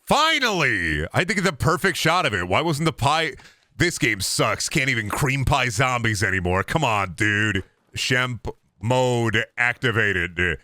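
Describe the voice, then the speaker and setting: A young man giving loose, joking commentary while he plays a video game, rambling and swinging between loud outbursts and low mutters. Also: expressive, moderate pace, dry recording. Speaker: gaming streamer. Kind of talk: casual gameplay commentary.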